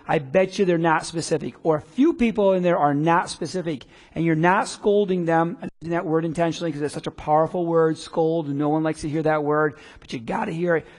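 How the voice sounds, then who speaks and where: A man coaching a room of business people in a live workshop, talking in a lively, conversational way and acting out quotes. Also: a little high. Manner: energetic, conversational, acts out quotes. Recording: long reverb of a hall.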